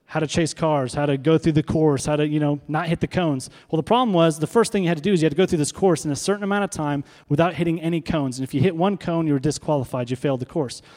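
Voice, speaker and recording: A man's voice: fairly high pitch, fast, few pauses, a little mellow. A pastor preaching a sermon to his congregation, conversational, throwing rhetorical questions to the room. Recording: long reverb of a hall.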